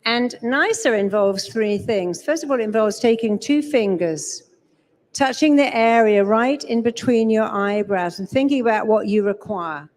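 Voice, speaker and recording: A woman's voice: on the high side, moderate pace, darkish tone. Emphatic woman speaker on stage. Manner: emphatic, acts out quoted voices. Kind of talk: live seminar talk. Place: large event hall.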